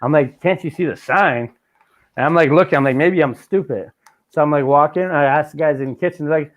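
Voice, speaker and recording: A Canadian man hosts a podcast, swapping travel stories in casual chat loaded with swearing and acted-out dialogue. His animated, profane storytelling comes in a fairly high voice at a slightly fast pace.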